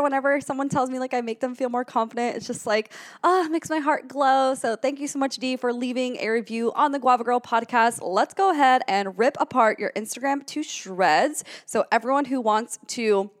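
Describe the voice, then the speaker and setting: A woman's voice: sits high, brisk, few pauses. Bubbly chatty woman podcast host. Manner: bubbly, chatty, with playful jokes and bursts of excitement. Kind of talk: casual solo podcast intro.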